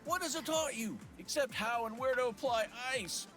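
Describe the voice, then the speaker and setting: A man voicing a prissy, disapproving gentleman friend in a video game, with sniffy, scolding old-fashioned diction. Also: very high voice, expressive, normal speed, soft background music. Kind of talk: video game character voice acting.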